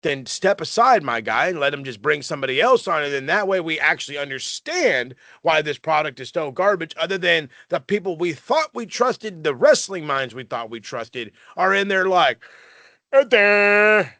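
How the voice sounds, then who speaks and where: A man's voice: a little high, animated, normal speed, gravelly, hardly any pauses, bright, forceful tone, no echo. A man co-hosting a wrestling podcast, ranting heatedly and swearing. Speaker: podcast co-host. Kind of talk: casual chat.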